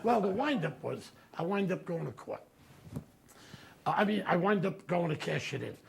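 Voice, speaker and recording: A man's voice: high-pitched, animated, normal speed, creaky, slight background noise. A man telling brash, profane stand-up stories. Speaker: comedian storyteller. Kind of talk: stand-up storytelling.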